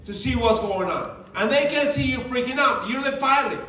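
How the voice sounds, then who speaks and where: A man's voice: very high-pitched, animated, normal speed, background noise. A man giving a motivational talk to a live audience. He is emphatic, repeats his key phrases and quizzes the listeners. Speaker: motivational speaker for a sales team. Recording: very echoey room, mic far off.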